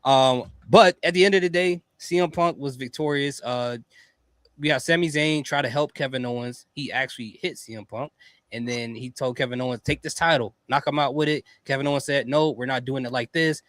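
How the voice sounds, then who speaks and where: A man hosting a casual wrestling podcast, relaxed and teasing, often repeating himself. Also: mid-range voice, fairly quick, dry recording. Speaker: podcast host.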